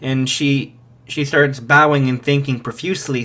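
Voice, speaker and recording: A man's voice: mid-range voice, steady tone, normal speed, sharp tone. A man casually improvising a fan story, narrating with many fillers and restarts.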